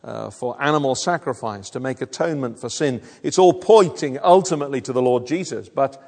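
Man, preacher, sermon, gravelly voice, earnest explaining, restarts, echoing church hall. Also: mid-range voice, brisk, darkish tone. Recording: long reverb of a hall.

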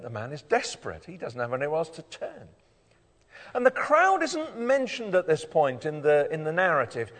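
A male preacher with a slightly high voice, delivering a sermon in a big reverberant hall. His pitch leaps and dips all over as he swings from forceful emphasis to near-hushed intensity. He keeps pressing the congregation with rhetorical questions. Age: adult, father of children.

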